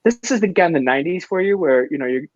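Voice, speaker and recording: A man's voice: a little high, expressive, fast, a little mellow, dry recording. A man hosting a casual comics talk show, talking eagerly and rambling with restarts. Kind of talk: casual chat. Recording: dry, dull lo-fi sound.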